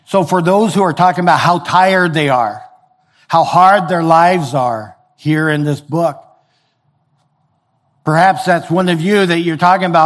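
An older man delivers a sermon with a voice that sits a little higher than most men's. He keeps it conversational and direct, and he slips into voices when he quotes complaining listeners. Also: normal speed. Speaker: pastor.

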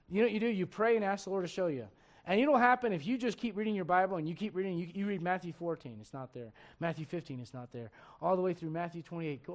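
A man with a high-pitched voice preaching a midweek Bible study sermon. He reads scripture aloud and climbs in pitch and volume when he drives a point home. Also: quick pace. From raised in a Spanish-speaking home. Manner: animated, rising and loud on emphatic points, reads scripture aloud. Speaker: pastor.

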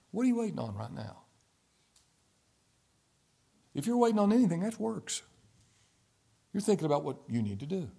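A man preaching a sermon with passion, rising to loud emphatic peaks, dropping to quiet low asides, and firing rhetorical questions between scripture quotations. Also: breathy edge.

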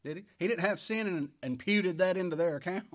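Folksy preacher, pitch on the high side. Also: male voice, fairly quick. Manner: folksy, rising to emphatic bursts, chuckles often. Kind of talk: sermon reading scripture and commenting.

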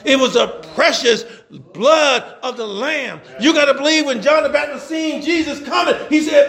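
A man with an unusually high, creaky, fairly bright voice preaches fervently, calling out to the congregation and drawing out his scripture readings. Between these impassioned stretches he keeps checking in with listeners and slips into chuckling conversational asides.

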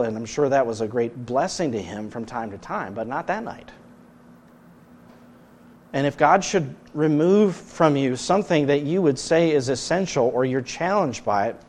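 A man preaching a sermon as pastor, earnest, his voice rising loud and then dropping soft. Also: mid-range voice.

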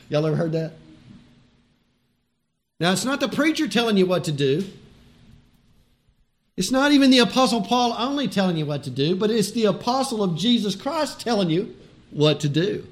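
High-voiced preacher. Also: male voice, very animated, normal speed, pauses often. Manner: conversational, emphatic, laughs between points. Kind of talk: sermon.

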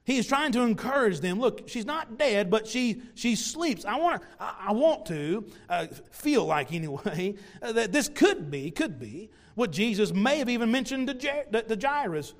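A man preaching a sermon to his congregation, animated, acting out little voices of the people in the story. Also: high voice, measured pace. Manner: animated, plays out voices of mockers and parents. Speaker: pastor.

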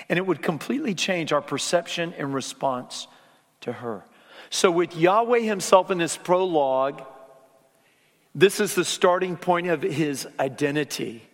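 A man preaching a sermon in a church sanctuary, his fairly high voice rising for emphasis and then dropping to a near hush. A long reverb from the large hall trails behind his words. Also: lively intonation, moderate pace. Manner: dynamic preaching, dropping to soft hushed tones for emphasis. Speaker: pastor.

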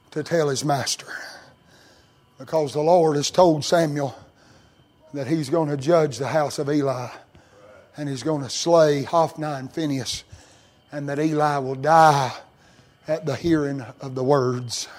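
A man preaching a sermon as a story, rising to cries and dropping to hushed tones. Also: on the high side, fairly even intonation, measured pace, pauses often, poor audio. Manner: dramatic, swings between loud cries and hushed near-whispers.

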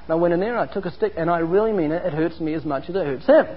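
A male preacher delivers an earnest, emphatic sermon with personal anecdotes. His voice sits high and sounds slightly husky. The recording is dull and lo-fi. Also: racing.

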